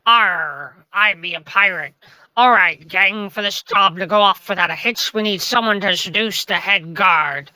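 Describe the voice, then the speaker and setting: Lady doing a grumpy bossy pirate captain, growly, bright clear voice. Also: medium pitch, measured pace, dry recording, poor audio. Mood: impatient. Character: gruff male pirate captain, bossy and impatient.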